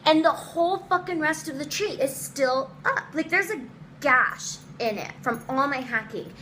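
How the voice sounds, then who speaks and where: Animated young woman, casual storytime. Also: normal speed, slight background noise, poor audio. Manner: animated, swearing, quotes people in voices, dramatic pitch jumps. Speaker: vlogger telling a personal story.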